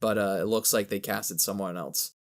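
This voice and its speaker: A man's voice: lowish voice, fairly even intonation, normal speed. Casual man with a slight lisp. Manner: rambling, self-correcting, laughs at own jokes. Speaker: podcast co-host. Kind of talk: casual chat.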